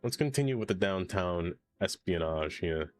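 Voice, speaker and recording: A man's voice: deep voice, animated, normal speed, faint music behind. Chatty man narrating his game. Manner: chatty, jokes to himself. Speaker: streamer. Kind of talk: casual gameplay commentary.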